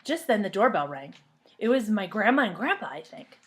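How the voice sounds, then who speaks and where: A woman reading a children's storybook aloud in a lively, expressive way, then talking to the children she reads for. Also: mid-range voice, a little fast. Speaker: reader of a children's book.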